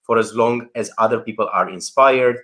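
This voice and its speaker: Man on a video call giving presenting tips, really bright tense voice, acts stuff out, emphatic. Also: medium pitch, moderate pace. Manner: animated, emphatic, acts out anecdotes. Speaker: guest, presentation coach. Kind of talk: conversational interview over video call.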